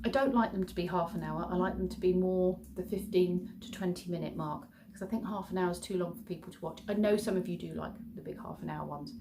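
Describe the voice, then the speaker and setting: A woman's voice: on the low side, fast talker, few pauses, noisy background. A middle-aged English woman chatting casually to her viewers in a rambling vlog sign-off. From England. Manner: chatty, rambling, warm-hearted, chuckling. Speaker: childminder and vlogger.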